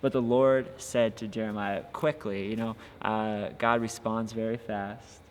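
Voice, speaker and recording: A man's voice: on the low side, steady tone, a little slow. A young man, a youth pastor, giving an earnest, encouraging devotional talk with frequent filler sounds. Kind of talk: casual devotional podcast talk. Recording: long reverb with faint ambient noise.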